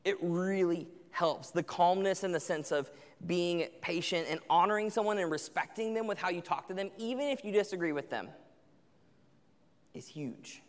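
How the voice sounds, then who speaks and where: A young man with a high voice, speaking at normal speed, delivers a sermon to teenagers in a conversational tone. He plays out what parents and kids would say, and the hall reverb is long.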